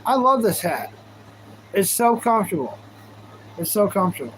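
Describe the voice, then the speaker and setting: A man's voice: sits high, sing-song, moderate pace, a bit bright, a little hiss or hum, poor audio. A man chatting casually on a live stream, rambling and goofy, thanking viewers as he goes. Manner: goofy, rambling, talks to chat.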